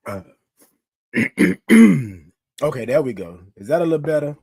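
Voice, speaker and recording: A man in his fifties with a hoarse voice from a cold, hosting a casual morning live stream and greeting viewers by name. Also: a little high, very animated, slow pace, a little mellow, dry recording. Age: 50s. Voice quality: rough, scratchy voice. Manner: chatty, greets viewers by name, calls them y'all. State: hoarse, sick with a cough.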